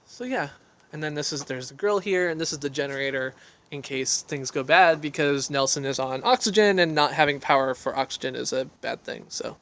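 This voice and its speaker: A man's voice: on the high side, brisk, fairly bright tone. A man hosting a casual livestream from an outdoor deck, talking into a phone on a selfie stick. He rambles, makes fun of himself and answers viewer questions as he reads them. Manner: rambling, self-deprecating, reads and answers chat aloud.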